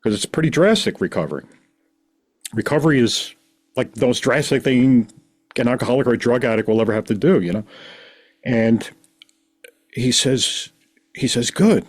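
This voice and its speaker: A man's voice: medium pitch, normal speed, pauses often. Rambling middle-aged man telling a story. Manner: rambling, animated, acts out quoted voices. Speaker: podcast guest. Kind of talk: casual storytelling.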